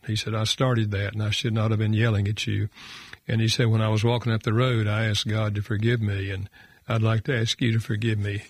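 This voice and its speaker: A man's voice: on the low side, no room sound, studio quality. An older man telling a personal story as a talk show guest, reflective and folksy, with frequent fillers. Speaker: guest author and counselor.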